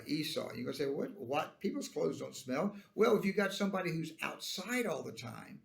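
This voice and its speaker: A man's voice: medium pitch, vocal fry. A man teaching a Sunday school Bible lesson, explaining the verses and reading them out with emphasis.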